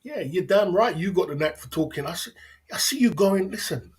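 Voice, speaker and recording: A man's voice: sits high, lively intonation, brisk. A man hosting a livestream, tipsy and laughing as he rants in a repetitive, swearing, casual way. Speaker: livestream host. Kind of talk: rambling livestream rant.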